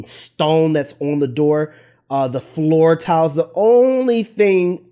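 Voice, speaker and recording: A man's voice: on the high side, warm tone. Chatty thirty-year-old man with a light voice. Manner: chatty and candid, trailing off and restarting, emotional. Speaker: artist reviewing his own work. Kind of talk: casual talking-head vlog.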